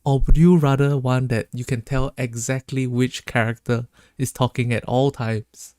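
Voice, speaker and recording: Joking male streamer with a mellow voice. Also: mid-range voice, level tone, moderate pace, clean tone, no room sound, studio quality. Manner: joking, laughs often, reads chat aloud. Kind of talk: casual live-stream chat.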